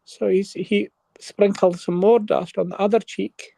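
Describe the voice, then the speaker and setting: High gravelly guy rambling thru a story on a live panel, keeps asking right?. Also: steady tone, measured pace, dark tone, no echo.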